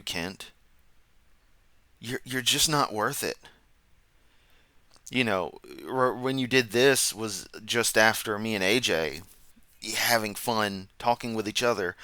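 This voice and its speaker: A man's voice: on the low side, sharp tone, clean tone, no echo. A man hosting a comedic reaction commentary, sarcastic, mocking and profane. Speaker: commentary channel host.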